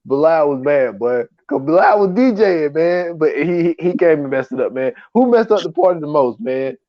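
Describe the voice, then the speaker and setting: Male podcast guest, relaxed slangy chat, swooping voice, dull-sounding mic. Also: on the high side, moderate pace. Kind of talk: casual movie recap chat.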